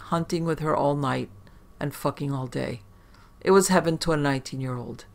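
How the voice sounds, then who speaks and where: Gravelly-voiced male horror storyteller. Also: fairly high pitch, normal speed. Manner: wry, conversational, profane asides. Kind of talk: first-person scripted horror narration.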